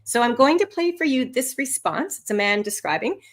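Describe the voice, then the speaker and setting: A woman instructor teaching a live online lesson, animated and expressive, with swooping pitch and frequent laughter. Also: a little fast. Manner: laughs often. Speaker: language test instructor.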